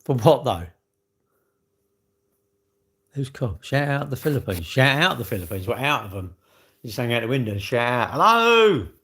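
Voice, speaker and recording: On a casual livestream, a British man rambles animatedly in slang while answering viewers' comments. His medium-pitched voice is fast, pushed and bright.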